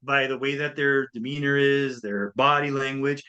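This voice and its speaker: A man's voice: mid-range voice, steady tone, moderate pace, sharp tone, smooth, lo-fi sound. A man talking as an interview guest, upbeat and enthusiastic in a loose, chatty way. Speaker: guest speaker and coach. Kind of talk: casual interview chat.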